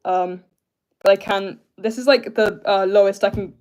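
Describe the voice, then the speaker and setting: A man's voice: fairly even intonation, a little mellow. Hesitant young British streamer guy. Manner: hesitant, filler-heavy, deliberately lowering his pitch. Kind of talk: casual live-stream chat answering viewers.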